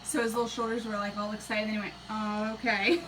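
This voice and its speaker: A woman in her thirties hosting a casual crafting live stream, chatting and greeting viewers by name, sometimes dropping to a soft half-whisper while she works. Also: mid-range voice, little pitch movement, racing. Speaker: crafting channel host. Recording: distant mic with noisy background.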